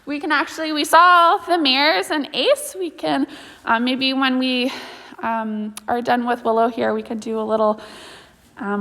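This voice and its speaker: Her voice on the high side and fairly bright, a riding program manager chats casually with live-stream viewers in a large hall. She holds the camera herself, talking easily with lots of ums and little laughs.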